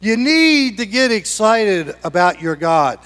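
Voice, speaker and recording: A middle-aged man preaching a sermon in a church sanctuary, animated, dropping to hushed asides and rising to shouts. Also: high voice, normal speed. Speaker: pastor.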